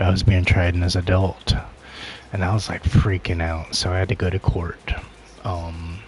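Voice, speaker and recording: A deep-voiced man recounts his own past in a loose, unpolished way. He leans on filler words constantly and often sinks into a quiet mutter. A faint hiss of noise sits under his voice. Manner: rambling, heavy use of filler words; low-key, often drops to a quiet mutter. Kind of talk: casual personal storytelling.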